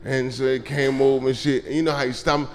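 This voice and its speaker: A man doing live stand-up comedy, telling loose, profane stories and shouting his punchlines. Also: mid-range voice, level tone, fast. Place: comedy club stage. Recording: live club recording with crowd laughter. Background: audience laughter.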